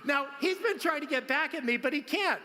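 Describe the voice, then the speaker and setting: A man giving an animated, storytelling conference talk, laughing often as he goes. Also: extremely high pitch, a little fast, long reverb tail, noisy background. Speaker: conference speaker. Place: large conference hall.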